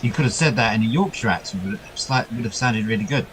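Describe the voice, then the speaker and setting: A man with a fairly low voice calls a cricket match ball by ball in a chatty, easygoing way, and his voice jumps up whenever there's a boundary. A faint hum of noise sits under the recording. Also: fast, poor audio. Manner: chatty, excitable over boundaries. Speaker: cricket commentator. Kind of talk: ball-by-ball radio commentary.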